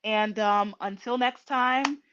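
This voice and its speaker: Woman, host, slow, halting, emotional, muffled lo-fi sound. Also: fairly high pitch, a bit bright, a little hiss or hum. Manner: slow and halting, many ums and restarts; tearful and emotional. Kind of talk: casual heartfelt livestream talk.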